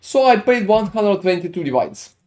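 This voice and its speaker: A man's voice: high voice, big pitch swings, moderate pace, a little mellow. French-accented man, chatty streamer. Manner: chatty, answers chat with filler-heavy rambling. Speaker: game streamer. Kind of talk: casual live-stream chat while gaming.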